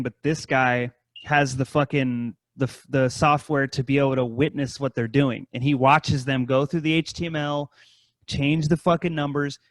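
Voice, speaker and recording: A man co-hosting a podcast, rambling through a story in casual talk full of profanity. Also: no echo. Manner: rambling, heavy swearing, mimics scammers in high voices. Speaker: podcast co-host.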